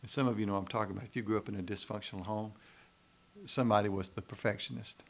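Pastor guy preaching, gravelly lowish voice, folksy chatty sermon, keeps asking right?. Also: fairly even intonation, fast talker. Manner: conversational, folksy, repeats "right?" to the congregation.

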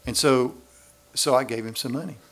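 A man's voice: medium pitch, moderate pace. A man preaching a sermon in a church, acting out little voices to make his points. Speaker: pastor.

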